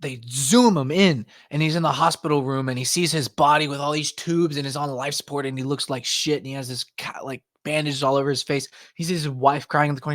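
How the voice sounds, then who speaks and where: A young man tells a story on a casual podcast, animatedly acting out the voices of the people involved and leaning heavily on "like" as filler. He talks briskly in a fairly high voice with few pauses and no room sound.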